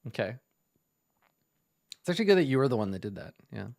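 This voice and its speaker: Lively game master with a hesitant delivery. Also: male voice, medium pitch, fast, gravelly. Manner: lively, full of fillers and restarts. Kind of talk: narrating a tabletop game.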